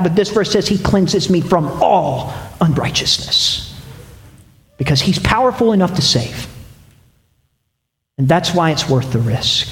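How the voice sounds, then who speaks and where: A pastor preaching a sermon to his church, emphatic and conversational, moving between hushed and raised passages. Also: sits high. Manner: conversational asides to the congregation. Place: church sanctuary. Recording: echoey hall with long reverb.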